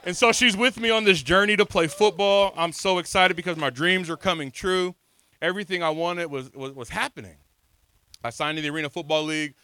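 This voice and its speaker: A man in his thirties delivers an energetic sermon to a congregation in a church hall, recounting his own story and calling out to the crowd. His voice sits high and smooth, moving fairly quickly, and swings from soft lines to shouted ones.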